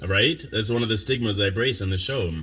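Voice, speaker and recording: Low-voiced man rambling on a livestream. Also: a little fast, a bit bright, a little hiss or hum. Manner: rambling, chuckling, thinking aloud. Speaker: livestream host reading viewer comments. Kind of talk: casual livestream chat.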